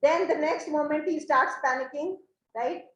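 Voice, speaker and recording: A woman's voice: sits high, normal speed. A woman teaching a play, explaining each line patiently and often checking with "right?". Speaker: English literature teacher. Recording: roomy echo, faint background hum.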